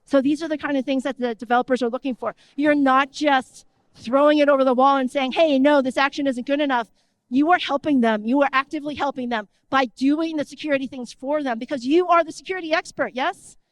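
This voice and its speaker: A woman giving an energetic conference talk in a conversational tone, often checking in with the audience. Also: sits high, quick pace, no room sound. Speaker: conference speaker. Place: conference stage.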